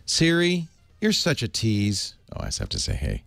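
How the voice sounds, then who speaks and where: A playful male radio host with a lowish, gravelly voice that swings widely in pitch. He chats casually and laughs often, close on a dry studio mic with no room sound. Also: wildly swooping pitch, moderate pace, fairly bright tone, dry recording. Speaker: radio tech show host. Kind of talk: casual call-in radio chat.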